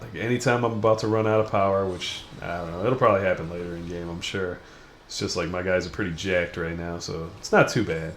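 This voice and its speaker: A man's voice: sits low, fairly even intonation, fast, soft background music. A young man hosting a gaming video, rambling through crude, self-mocking commentary while he plays. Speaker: gaming channel host. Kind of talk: casual let's-play commentary. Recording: echoey room with faint noise.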